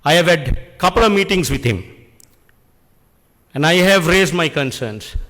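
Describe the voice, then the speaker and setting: A middle-aged man, giving an earnest, deliberate speech at an industry function and posing rhetorical questions. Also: on the high side, animated, bright, forceful tone, in a large hall. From Sri Lanka. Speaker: public speaker addressing an industry function. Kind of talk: speech at an event. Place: function hall.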